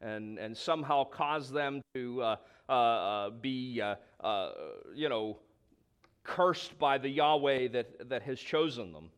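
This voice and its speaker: A man's voice: medium pitch, slow pace, a bit bright, smooth. A man preaching a sermon, emphatic, stretching key words for stress and dropping in conversational asides. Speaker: pastor.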